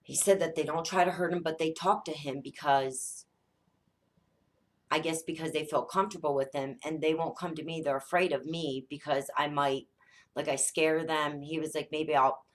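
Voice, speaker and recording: A woman in her thirties, a mother telling a spooky family story in a casual, animated way, swearing often and acting out the dialogue. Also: low-pitched, moderate pace. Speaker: psychic vlogger, mother.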